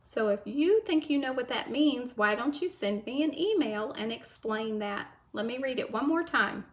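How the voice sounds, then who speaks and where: A woman teacher reading a chapter book aloud to children, gentle and patient as she tells the story. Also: a little high, lively intonation, moderate pace.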